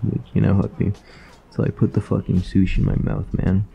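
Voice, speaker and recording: A man's voice: low voice, flat delivery, brisk, creaky, highs cut off. A tired young man in casual vlog storytelling, profane and slangy, laid-back as he rambles. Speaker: vlogger.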